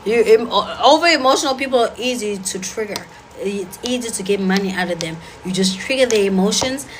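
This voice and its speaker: A woman's voice: mid-range voice, animated, noisy background. A woman giving blunt, sassy dating advice in casual talk to an audience. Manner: blunt, sassy, rapid-fire.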